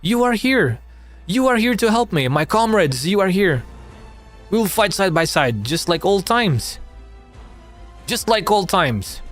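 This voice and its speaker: A man voicing eager young male soldier comrades in a game, calling out loudly and urgently in a high voice. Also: sing-song, a little slow, pauses often, faint music behind, full character voice. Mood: rallying. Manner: high-pitched, loud, urgent calls.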